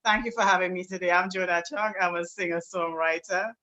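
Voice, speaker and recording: Trinidadian woman guest, bright and earnest, talking at length on a video call. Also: fairly low pitch, steady tone, a little fast, dull audio. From South Trinidad. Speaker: singer-songwriter and presenter. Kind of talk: guest speaking on an online show.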